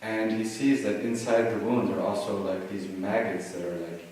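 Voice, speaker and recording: A man giving a dharma talk, telling a teaching story in a relaxed way with many "you know"s and "like"s, recorded in a retreat hall. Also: lowish voice, normal speed, a little hiss or hum. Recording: echoey hall, mic at a distance, faint ambience.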